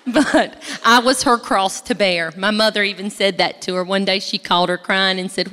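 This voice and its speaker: A woman's medium-pitched voice, pushed and bright, carries through a large hall with long echoing reverb as she gives a church testimony from the stage. She keeps a fairly even intonation at normal speed with hardly any pauses, chatting in a folksy way straight to the listeners.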